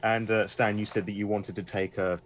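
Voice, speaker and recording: Male game master, lowish voice, loose rambling narration. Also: little pitch movement, normal speed. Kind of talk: running a tabletop horror game.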